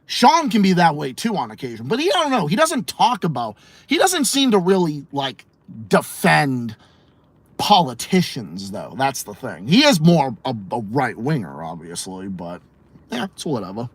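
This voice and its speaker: A man's voice: medium pitch, wildly swooping pitch, moderate pace, slightly rough, dry recording. Profane ranting man with a Massachusetts accent. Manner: profane, blunt and opinionated. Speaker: podcast host. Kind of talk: ranting livestream podcast, answering chat.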